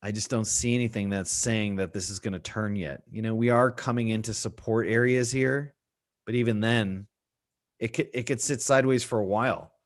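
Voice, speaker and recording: A man's voice: on the low side, steady tone, normal speed. A middle-aged man hosting a live trading stream, talking casually, answering viewers' questions and repeating key points for emphasis. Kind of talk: live market analysis stream.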